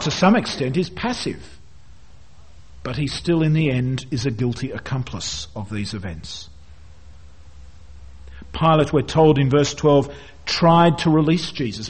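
A man teaching through a Bible passage verse by verse, with an expressive delivery that drops low at the ends of phrases. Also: breathy edge. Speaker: preacher.

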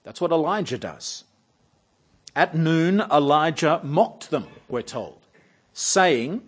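Aussie preacher guy, high voice, lively and mocking, goes loud then real quiet. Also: takes it slowly, husky. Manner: animated, mocking, dramatic swings between loud and hushed. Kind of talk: expository sermon.

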